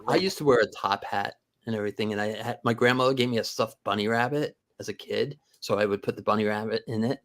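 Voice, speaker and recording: A man's voice: on the low side, fast talker, few pauses, a bit bright. A man co-hosting a casual talk show, rambling through joking anecdotes. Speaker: podcast co-host. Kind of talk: casual chat, storytelling.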